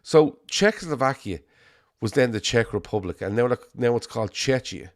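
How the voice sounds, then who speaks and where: A man's voice: mid-range voice, expressive, moderate pace, no echo, clean studio sound. A man with a Liverpool accent hosting a casual football podcast, chatty and rambling, swearing casually. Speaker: show host.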